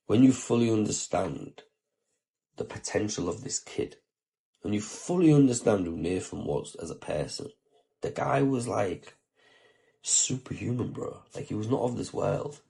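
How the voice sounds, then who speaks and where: Male podcast host, lowish gravelly voice, slangy and sweary, heartfelt casual storytelling. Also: animated, a little slow, dark tone.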